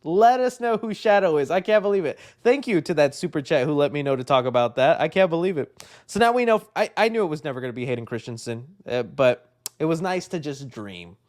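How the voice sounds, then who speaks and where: A young man hosting a live stream, rambling and excitable, saying "dude" often and laughing a lot. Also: a little high, fairly quick. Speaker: livestream host. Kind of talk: casual live-stream chat.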